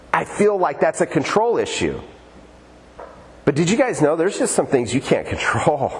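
An older pastor preaches a sermon at a church in Oregon, telling stories in a conversational way and joking with the congregation. His voice is a little high, with a long reverb tail.

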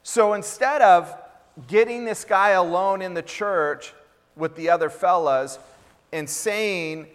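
A man's voice: high voice, slow, smooth. A man pastor preaching a sermon, emphatic and repetitive, often acting out what others say. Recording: reverberant hall.

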